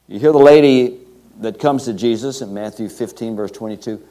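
A man preaching, retelling a pastor's story with scripture quotes, speaking haltingly with many fillers and restarts. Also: medium pitch, mellow. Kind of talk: sermon storytelling.

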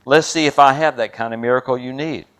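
A man voicing a gentle, well-dressed male surgeon who reassures a child in a read-aloud story. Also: medium pitch, fast, clean tone, close to an everyday voice. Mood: kindly.

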